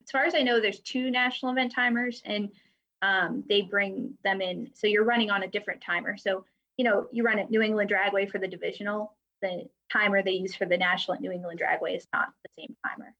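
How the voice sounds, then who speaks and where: A woman guest from a drag racing timing system company speaks a little fast at a medium pitch, with fairly even intonation and a fairly bright tone on dull audio. The interview is a casual chat about her work, peppered with fillers and light laughs.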